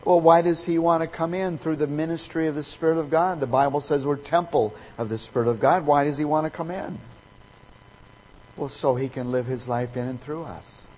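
A man's voice: a little high, steady tone, moderate pace, a little mellow, big-room sound, rough recording. A man preaching a sermon, emphatic and fond of repeating key phrases for effect.

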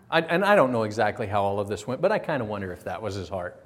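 A male pastor delivers a sermon in lively storytelling fashion, slipping into quoted voices and firing rhetorical questions. His voice sits in an ordinary middle register. A long hall reverb trails behind every phrase. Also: mid-range voice, a little fast.

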